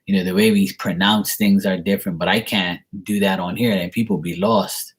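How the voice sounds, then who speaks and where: A Bermudian man talks casually to his viewers in a loose, wandering monologue. His voice sits on the low side and has a husky edge. He drifts from story to story, often slipping into the voices of people he quotes. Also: steady tone, normal speed. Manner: chatty, digressive, mimics other people's voices in quotes. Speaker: vlogger answering viewer questions.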